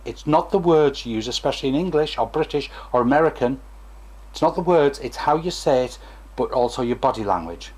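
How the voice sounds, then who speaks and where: A man's voice: mid-range voice, expressive, fairly quick, darkish tone, breathy edge. A former stammering therapist, a man, gives a chatty, digressive talk to camera and acts out examples as he goes.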